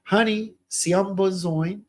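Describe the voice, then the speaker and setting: A man's voice: high-pitched, fairly even intonation, takes it slowly. A young man hosting a fragrance livestream, chatting casually and reading viewer comments aloud in a laid-back way.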